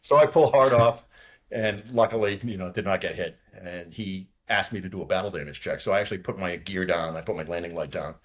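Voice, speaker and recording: A man's voice: low voice, fairly even intonation, quick pace, few pauses, fairly bright tone. A man in his sixties from outside Boston, a retired fighter pilot telling war stories in casual, profane talk and acting out radio calls. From outside Boston, USA. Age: 60s. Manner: profane, laughing storyteller who acts out radio calls.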